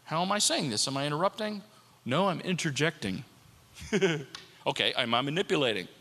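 A man's voice: on the high side, expressive, a little fast, pushed and bright, in a large hall. A man preaching a sermon as pastor, talking conversationally and repeating rhetorical questions to the congregation.

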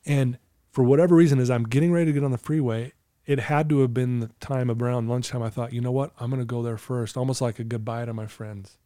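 A middle-aged man recounts his life story with open, earnest candor, sometimes choked with emotion. His tone is mellow and warm, recorded close in a dry, dead space. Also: mid-range voice, steady tone, quick pace, dry recording. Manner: earnest, candid, storytelling with quoted inner thoughts. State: emotional, clearing his throat. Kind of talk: emotional personal testimony.

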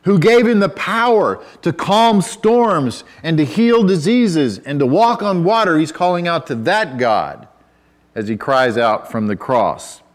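An expressive, unhurried pastor with a voice on the high side preaches a sermon in a conversational way. He makes self-deprecating asides and restarts, then rises to loud, emphatic cries when quoting scripture.

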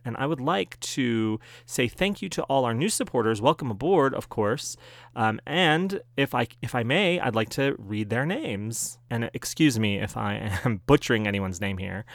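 A man's voice: medium pitch, a bit bright, no echo. Chatty male podcast host, dry sound. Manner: chatty and playful, with little laughs. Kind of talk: casual podcast monologue.

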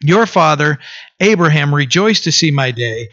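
A man teaching through a Bible passage verse by verse, reading scripture slowly and then explaining it in a loose conversational way with restarts. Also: fairly high pitch, expressive, bright, forceful tone, muffled recording.

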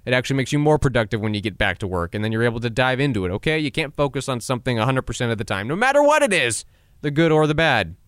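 A young man in his twenties hosts a solo podcast in a casual pep-talk style. His pitch swings widely as he acts out quotes and laughs along, and the close mic leaves the sound dry with no room behind it. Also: very animated, very fast, fairly bright tone, clear, resonant tone, no echo. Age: 20s. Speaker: podcast host.

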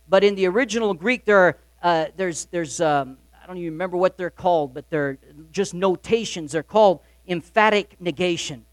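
A man preaching a sermon as pastor, emphatic, swinging between loud urgent lines and quiet confiding ones. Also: sits high, no room sound.

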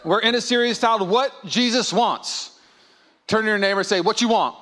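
A man preaching a sermon as pastor, humorous and energetic, telling stories and quoting people in acted voices. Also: high-pitched, normal speed, slight background noise. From California. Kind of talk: sermon with storytelling. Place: church sanctuary with congregation.

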